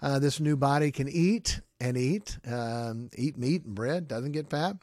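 A man hosting a podcast, giving an informal devotional talk in an animated, conversational way, often asking listeners questions. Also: mid-range voice, measured pace, no room sound, studio quality. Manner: animated, mimics groans, chuckles often. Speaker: podcast host.

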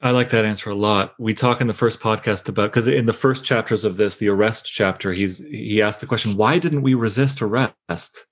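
Low-voiced man leading a book discussion. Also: steady tone, a little fast, hardly any pauses. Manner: reflective, asks questions, reads passages aloud. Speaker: discussion leader.

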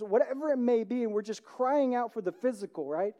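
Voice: mid-range voice, normal speed, hardly any pauses, dark tone. A pastor giving a conversational sermon at a church service, talking informally and often checking in with the listeners by asking "right?".

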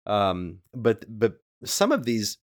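A man co-hosting a faith podcast, easing through his points with ums and restarts. His voice sits on the low side and sounds dry and close to the mic. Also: very animated, slow, dry recording. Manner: hedging, with many fillers and restarts. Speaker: podcast co-host. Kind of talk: casual discussion.

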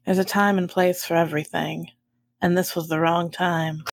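A woman player speaking in character in a calm, polite and composed way. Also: fairly low pitch, normal speed, gravelly, dry recording. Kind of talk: in-character role-play.

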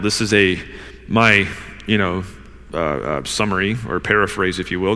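A man preaching a sermon in a conversational, animated way, acting out the people he quotes. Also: lowish voice, normal speed. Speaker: pastor. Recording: long hall reverb.

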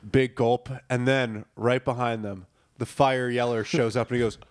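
A man in casual podcast chat, telling profane, animated stories among friends. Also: medium pitch, normal speed, clean tone.

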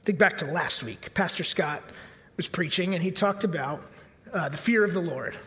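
A man preaches a sermon in a relaxed, conversational manner, dropping fillers and asking the congregation questions. His voice sits high for a man. The sound carries the long reverb of a large church hall. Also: moderate pace. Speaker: pastor.

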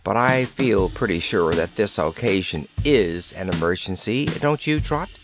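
A man's voice: on the low side, lively intonation, a little slow. Man playing a formal scarecrow king. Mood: firm. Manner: gentle but firm, formal. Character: straw-man scarecrow king, stately and firm. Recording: with loud background music.

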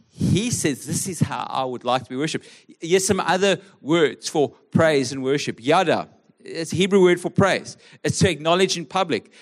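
A man from South Africa preaching a sermon in a conversational, earnest way, often restarting and repeating words. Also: on the high side. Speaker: pastor. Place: church service.

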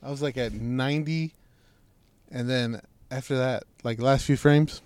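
A man's voice: mid-range voice, fairly even intonation, a little slow, a little mellow, clean tone, no echo. A man telling a laid-back, profanity-laced story in casual podcast chat, quoting the people he talks about. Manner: laid-back, swearing, quoting others in his stories. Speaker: podcast co-host.

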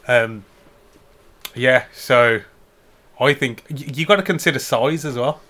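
A man's voice: mid-range voice, a little slow, long pauses. A man co-hosting a podcast, chatting casually and laughing often as he jokes. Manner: laughs often, playful, goes loud on jokes. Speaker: podcast co-host. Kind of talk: casual joking chat.

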